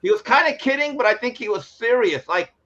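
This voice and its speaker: A man on a sports talk show, telling stories and acting out quotes with lively energy. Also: extremely high pitch, fairly quick. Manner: animated storyteller acting out quotes. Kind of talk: casual sports talk, storytelling. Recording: muffled lo-fi sound.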